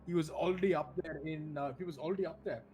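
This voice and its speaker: A man's voice: a little high, steady tone, quick pace, a little mellow. A man commentating an online racing event, chatty and full of restarts. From India. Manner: chatty, many restarts, laughs easily. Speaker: esports race commentator. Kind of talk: live race commentary.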